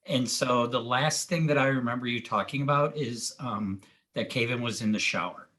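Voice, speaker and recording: Bright-voiced man moderating a video call. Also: mid-range voice, moderate pace. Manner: polite, apologetic interjections.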